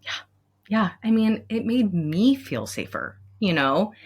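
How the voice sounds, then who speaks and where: A woman speaking as a school counselor guest in a candid podcast conversation, expressive and laughing often, moved to emotion at times. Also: medium pitch, a little slow, slightly rough.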